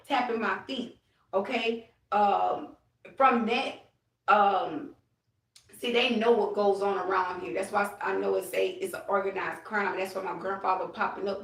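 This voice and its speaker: A woman chatting casually to her viewers during a livestream, animated, and now and then speaking to her late grandfather. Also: medium pitch, recorded from a distance. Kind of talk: casual live chat. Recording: roomy, off-mic phone audio.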